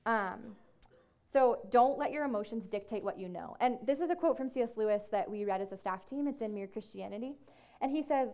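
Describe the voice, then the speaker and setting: A woman speaking to a room as ministry staff, casual and conversational with many fillers, slowing down whenever she reads scripture. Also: on the high side, lively intonation, dark tone. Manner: slows down to read scripture. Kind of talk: talk to a group. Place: room with an audience.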